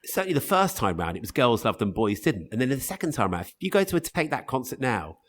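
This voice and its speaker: Fast-talking, animated man. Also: medium pitch. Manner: animated storytelling with restarts. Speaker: radio presenter, guest. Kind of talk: casual interview chat.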